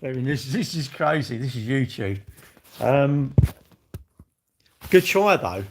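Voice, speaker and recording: A man's voice: medium pitch, animated, slow, slight background noise. A man chatting casually on a live stream, blunt and cheeky, rambling and answering his chat.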